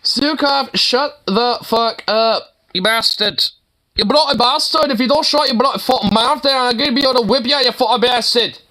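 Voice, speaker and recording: A man's voice: very high voice, normal speed, pushed and bright, pitched above the performer's own voice. A man putting on a put-on Irish accent to play a hot-tempered, swearing Irish politician. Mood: angry bluster. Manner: blustering, cursing.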